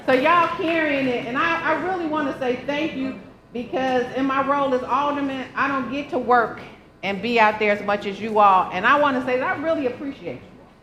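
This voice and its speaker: A woman's voice: high voice, a little fast, low-quality recording. A woman serving as alderwoman, reading out acknowledgements at a council meeting in an emotional, heartfelt way. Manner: warm, emotional, calls out names. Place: large council chamber with a crowd. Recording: faint crowd and noise.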